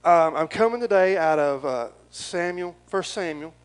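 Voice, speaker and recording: A man's voice: fairly high pitch, expressive, normal speed, smooth, poor audio. A middle-aged man, preaching a folksy, rambling and earnest sermon as pastor.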